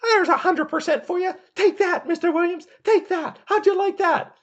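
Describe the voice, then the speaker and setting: A man doing a shrill, taunting wrestler. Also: moderate pace, lo-fi sound. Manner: shouting, high mocking voice. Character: brash loud male wrestler taunting his guests.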